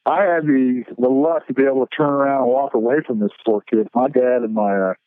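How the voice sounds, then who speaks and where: A man's voice: mid-range voice, fairly quick, no room sound, narrow, tinny audio. Middle-aged man telling stories over a phone-thin line. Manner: relaxed storyteller, acts out voices in his tales. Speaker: guest, professional Santa Claus. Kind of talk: casual podcast storytelling.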